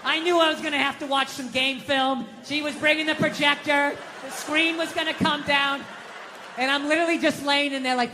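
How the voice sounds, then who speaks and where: A man's voice: very high voice, fairly even intonation, a little fast, pushed and bright, a little hiss or hum. A middle-aged man doing stand-up comedy on stage, ranting and swearing, mocking himself. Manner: profane, ranting, self-deprecating. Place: comedy stage before a live audience. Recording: live venue with long reverb.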